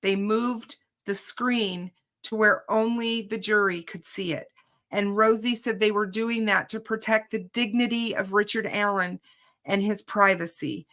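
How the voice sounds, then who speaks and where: A woman's voice: medium pitch, fairly even intonation, unhurried, a bit bright. A woman hosting a true crime channel, telling viewers about her day in court in an emphatic, indignant casual way.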